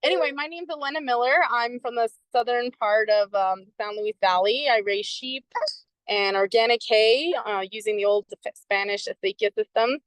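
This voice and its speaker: A woman with a somewhat high voice on a video call, recorded dry with no room echo. She introduces herself in an easygoing, slightly apologetic way. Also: moderate pace. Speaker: sheep and hay farmer, commission member. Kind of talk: casual self-introduction.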